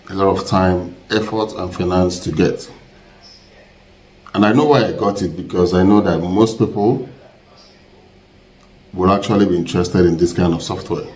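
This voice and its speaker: Man, lowish voice, insistent host pitch, echoey room. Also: a little mellow. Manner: insistent, repeats phrases for emphasis. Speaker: channel host. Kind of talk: casual sales pitch to viewers. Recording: roomy echo.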